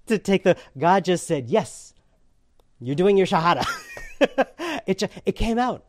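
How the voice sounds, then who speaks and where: Animated storytelling man, close and dry. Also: sits high, moderate pace, dry recording. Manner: animated, acts out other people's lines, laughs often. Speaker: guest telling his conversion story. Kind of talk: casual storytelling.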